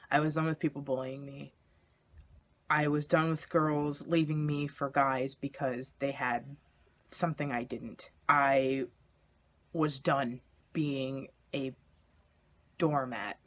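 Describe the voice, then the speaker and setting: A man's voice: fairly high pitch, steady tone, takes it slowly, long pauses. A young man candidly telling a personal story in a vlog, in a confessional way. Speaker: vlogger.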